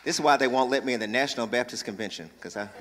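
A man preaching a sermon as pastor, talking with lively energy, joking asides with the congregation and emphatic calls to action. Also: mid-range voice, rapid-fire. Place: church sanctuary. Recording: long reverb in large church.

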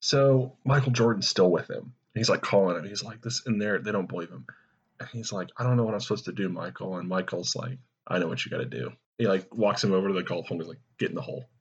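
Husky guy with a lowish voice riffing on a dumb movie pitch, kinda dull lo-fi audio. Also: fast. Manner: rambling, laughing, acting out quoted lines. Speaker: podcast co-host. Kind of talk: casual comedic brainstorming chat.

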